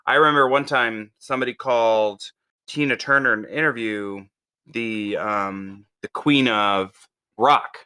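A man co-hosting a podcast in casual chat, an animated storyteller who swings his voice up when quoting people. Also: mid-range voice, measured pace, clean tone. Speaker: podcast co-host.

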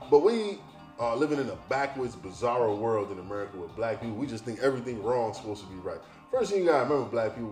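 A man's voice: on the low side, a little mellow. Blunt, profane male podcast host. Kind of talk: ranting commentary on news headlines. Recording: roomy echo, faint music.

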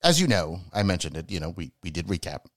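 A man's voice: low voice, big pitch swings, quick pace, no room sound, studio quality. A man co-hosting a podcast in casual comedic chat, playful and often putting on a mock-fancy posh voice in sing-song. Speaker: podcast co-host.

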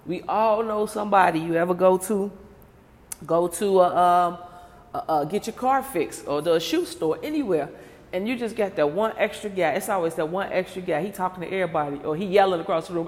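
A woman's voice: mid-range voice, long reverb tail. A woman talking straight to her viewers in a casual, comedic rant, firing off rhetorical questions and laughing often. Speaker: vlogger.

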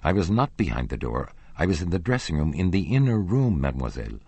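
A man's voice: low voice, sing-song, fast talker, creaky, darkish tone, breathy edge, no room sound, exaggerated voice. A man reading as an earnest, despairing young nobleman. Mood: insistent. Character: passionate young nobleman in love, jealous. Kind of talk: audiobook character reading.

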